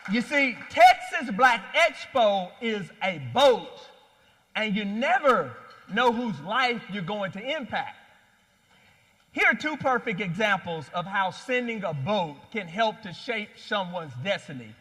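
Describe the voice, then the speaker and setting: A man giving a live keynote speech at an expo, telling a story and rallying the crowd with animated energy. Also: high-pitched, measured pace. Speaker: founder and CEO giving a keynote. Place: large hall at a live expo. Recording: long hall reverb.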